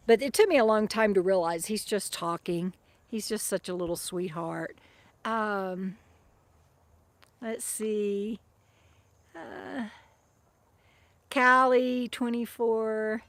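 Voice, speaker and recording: A middle-aged woman with a mid-range voice and no echo livestreams casually from the campsite where she parks her van. A vlogger and author who lives in it, she reads viewer comments in a rambling, chatty way, often restarting her sentences and stopping to fuss lovingly over her dog.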